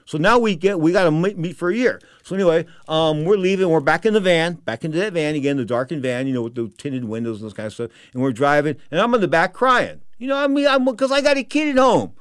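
A middle-aged man from San Francisco hosting a talk radio show, telling stories in an emotional, animated way with repeated phrases. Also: a little high, fast talker, hardly any pauses, dry recording, studio quality. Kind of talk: storytelling talk radio monologue.

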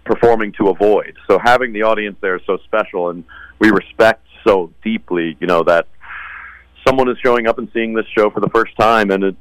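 A man's voice: on the low side, no echo, low-quality recording. A man who acts in musical theater, answering interview questions in an earnest, conversational way. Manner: earnest, repeats words when starting. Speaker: musical theater actor guest.

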